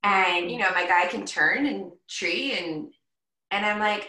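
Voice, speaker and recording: A woman hosting a podcast interview who talks in a chatty, animated way and fills her speech with "like.". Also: mid-range voice, a little slow, distant mic. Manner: chatty, animated storyteller with frequent "like". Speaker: podcast host. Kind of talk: casual conversational interview. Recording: roomy echo, set back from the mic.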